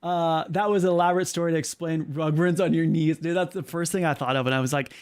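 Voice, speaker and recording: A man's voice: a little high, steady tone, fast, few pauses, a little mellow, smooth. Rambling man casting a game tournament. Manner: rambling, joking, full of fillers. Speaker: host and caster. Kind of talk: casual esports shoutcasting stream.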